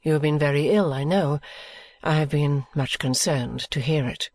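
A woman reading a storybook, voicing a proud middle-aged aristocratic lady who speaks slowly, low and measured. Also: a little mellow, no echo. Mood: concerned.

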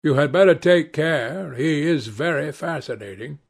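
A man's voice: fairly high pitch, animated, moderate pace, gravelly, husky, exaggerated voice. A man reading aloud and voicing a worldly, epigrammatic aristocrat who speaks in languid paradoxes. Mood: wry.

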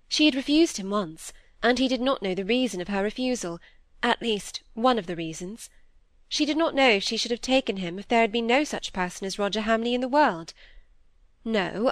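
A woman narrating a classic novel in a measured audiobook reading. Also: fairly high pitch, no room sound. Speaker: audiobook reader.

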